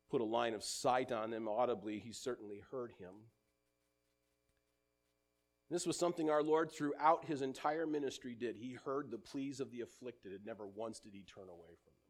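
A man preaching a sermon, earnest and measured, who quotes scripture in older English and lets his voice sink at the ends of phrases. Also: mid-range voice.

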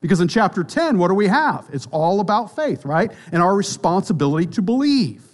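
A high-pitched man preaches a sermon in a church. He speaks emphatically, building to loud declarations and then dropping to quiet, low lines. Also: big pitch swings, brisk. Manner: emphatic, rises and drops sharply in pitch and volume. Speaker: pastor.

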